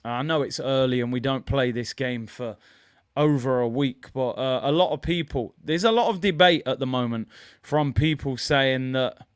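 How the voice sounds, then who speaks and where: A man hosting a fan channel, giving opinionated, animated football commentary and reading out viewer comments. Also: medium pitch, normal speed, smooth. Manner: animated, opinionated, reads chat comments aloud.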